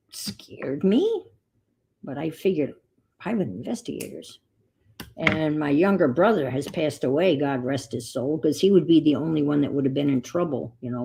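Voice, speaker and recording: A woman's voice: deep voice, gravelly, darkish tone, breathy edge. A middle-aged woman chatting casually as she crafts on a stream, telling rambling stories. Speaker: crafting vlogger.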